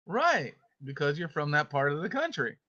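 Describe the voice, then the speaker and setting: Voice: mid-range voice, sing-song, moderate pace, pushed and bright. A teacher running an online homeschool class over a video call, playfully calling on students by name and reading scripture aloud. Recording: dull lo-fi call audio.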